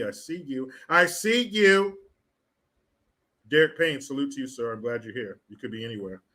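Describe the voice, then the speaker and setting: A man's voice: on the high side, sharp tone. A man hosting a live stream, mocking and profane in casual commentary as he reads out viewer chat.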